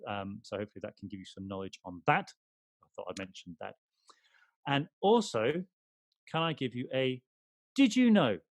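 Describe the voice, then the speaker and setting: A man's voice: lowish voice, expressive, moderate pace, vocal fry, pauses often, dry recording. A man co-hosting a podcast in casual chat, teasing and playful in banter. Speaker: podcast co-host.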